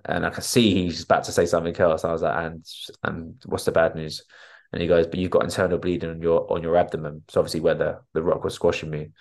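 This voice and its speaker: Deep-voiced man telling his story. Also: level tone, fast talker, gravelly, a little mellow. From North London. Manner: candid, vivid retelling, acts out quoted dialogue. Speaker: podcast guest, coach. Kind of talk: casual interview storytelling.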